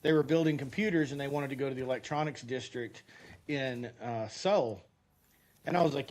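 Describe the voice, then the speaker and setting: A man's voice: a little high, brisk. Chatty man telling a story mid-game. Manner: chatty and animated, laughs often while telling stories. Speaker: game streamer. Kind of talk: casual storytelling while gaming.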